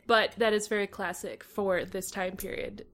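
A woman's voice: medium pitch, fairly even intonation, a little slow, a bit bright. A woman co-hosting a casual comedy podcast, making wry quips and laughing along. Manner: wry quips, acts out mock quotes, laughs. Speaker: podcast co-host.

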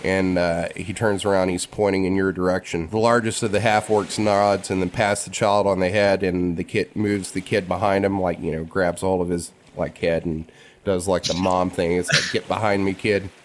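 Low male GM, relaxed narration with fillers. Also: moderate pace, slight background noise. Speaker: game master. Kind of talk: narrating a tabletop game.

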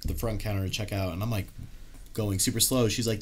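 A married man in casual chat, animated, telling stories with lots of "like" and acting out what people said. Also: fairly low pitch, quick pace, a little hiss or hum. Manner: animated storyteller, lots of "like", acts out quotes.

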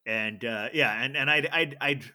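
Halting, bright-voiced man in his forties. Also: medium pitch. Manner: halting, repeats words as he starts. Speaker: podcast co-host. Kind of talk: casual chat.

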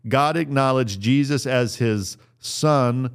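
A man's voice: medium pitch, takes it slowly, clean tone. A middle-aged man giving an earnest, sermon-style talk on fatherhood, repeating his phrases for emphasis. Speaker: speaker on fatherhood.

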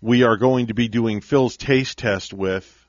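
A man's voice: medium pitch, measured pace, no echo, dull audio. A man hosting a morning radio show, chatting casually and jokingly plugging local business.

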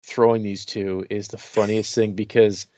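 A man's voice: lowish voice, little pitch movement, normal speed, dark tone, no room sound. Man cracking dry jokes. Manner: dry jokey asides. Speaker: podcast co-host. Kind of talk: casual chat.

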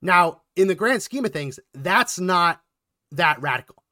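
A man co-hosting a political commentary podcast, talking in a quick, animated way and getting worked up. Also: sits high, no room sound, clean studio sound. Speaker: podcast co-host.

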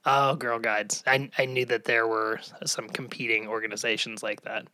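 A man's voice: medium pitch, level tone, moderate pace, sharp tone, no room sound. A man co-hosting a casual podcast quiz, chatty and full of trivia and asides. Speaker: podcast co-host.

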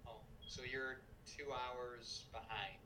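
A man with a Midwestern American accent, chatting casually with strangers in a bemused, deadpan way. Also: mid-range voice, slow pace, no room sound, poor audio. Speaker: video chat stranger. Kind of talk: casual chat.

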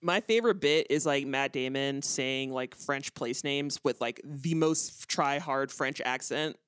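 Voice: mid-range voice, measured pace, a bit bright, smooth, no room sound, studio quality. A podcast host running a casual film review chat, wry and sarcastic. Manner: wry, sarcastic, runs the segments.

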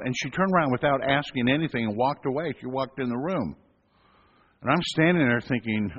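A man delivers a storytelling sermon, animated and acting out the voices of the people in it. His voice echoes through a long, reverberant hall on a dull, lo-fi recording. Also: medium pitch, fairly quick, slightly rough. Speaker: hospital chaplain telling a story.

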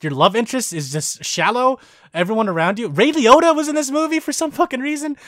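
A man chatting casually on a podcast, animated and swearing, who acts out quoted reactions. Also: very high-pitched, quick pace, no echo, studio quality.

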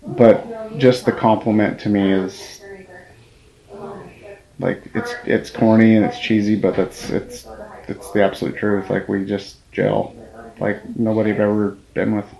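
A man speaks about his bride with halting sincerity. His voice is low and gravelly, with a dark, mellow tone. He keeps restarting his sentences as he searches for words. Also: little pitch movement, poor audio. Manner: hesitant, with many restarts. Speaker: groom. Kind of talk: heartfelt casual talk.

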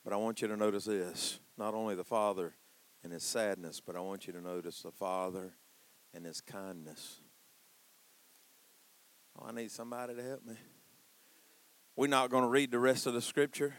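A man preaching a sermon in a church, calling out to the congregation for responses and swinging between hushed, drawn-out lines and loud emphatic peaks. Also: lowish voice, a little hiss or hum. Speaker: pastor.

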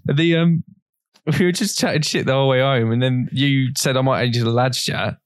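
A man's voice: medium pitch, fairly even intonation, a little fast, clear, resonant tone, no room sound, studio quality. A young man co-hosting a podcast, telling a long story in a rambling, casual way with plenty of swearing. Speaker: podcast co-host. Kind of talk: casual chat.

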